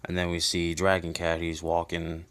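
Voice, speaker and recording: A man's voice: sits low, monotone, normal speed, fairly bright tone, smooth, no room sound. A man giving a loose, rambling recap of a comic book in casual chat, full of fillers and restarts, swearing offhandedly.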